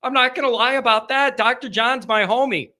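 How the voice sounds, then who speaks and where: High, bright-voiced call-in host. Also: male voice, brisk. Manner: rambling, laughing asides and self-interruptions. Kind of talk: casual live call-in chat.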